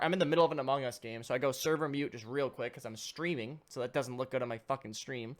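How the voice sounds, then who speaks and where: A young man co-hosting a podcast, telling stories in casual chat, swearing often and speaking with animated energy. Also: medium pitch, quick pace, hardly any pauses. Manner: profane, animated storytelling. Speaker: podcast co-host.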